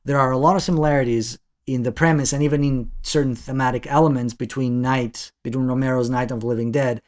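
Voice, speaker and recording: A man's voice: medium pitch, fairly even intonation, quick pace, a little mellow, slight background noise. A man giving an analytical video essay review of a classic film, talking thoughtfully with frequent restarts.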